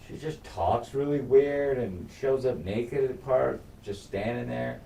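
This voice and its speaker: A man's voice: medium pitch, unhurried, creaky, dark tone. A man in casual podcast chat, retelling a TV episode in a rambling, profane way with lots of restarts. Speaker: podcast co-host. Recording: echoey room, distant mic, faint noise.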